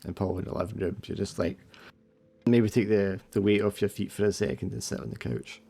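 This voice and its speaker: Gravelly low-voiced man running a horror game. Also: fairly even intonation, fairly quick, dark tone. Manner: descriptive, with fillers like "like" and "uh". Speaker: game master. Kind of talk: narrating a tabletop horror game.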